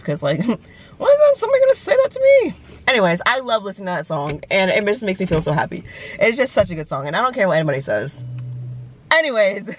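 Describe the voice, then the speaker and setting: A young woman vlogging about music chats casually, gushing and giggly with plenty of fillers. Her voice is on the high side with a fairly bright tone.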